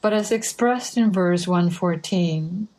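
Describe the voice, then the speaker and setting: A woman delivering a sermon at an unhurried, careful pace. Her voice sits a little low, and she reads each line of scripture deliberately, with pauses between phrases. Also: darkish tone, low-quality recording. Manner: measured, deliberate scripture reading. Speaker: preacher. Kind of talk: slow sermon reading.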